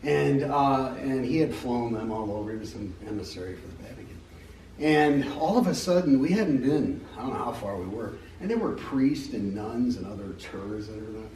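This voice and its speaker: A man's voice: mid-range voice, mellow, slight background noise. A middle-aged American man giving an unscripted personal testimony at a church meeting, rambling and joking as he tells stories. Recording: echoey hall from a distance.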